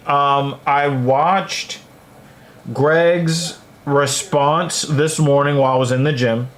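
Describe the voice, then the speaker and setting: A man's voice: fairly high pitch, steady tone, takes it slowly. A man hosting a livestream, reading viewer comments aloud and giving blunt, casual opinions with plenty of fillers. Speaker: livestream host reading chat.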